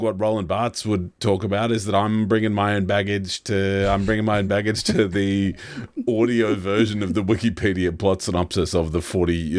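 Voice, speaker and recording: A man's voice: deep voice, dry recording, clean studio sound. A man co-hosting a podcast, wry and rambling, drifting into self-deprecating asides. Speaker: podcast co-host. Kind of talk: casual chat.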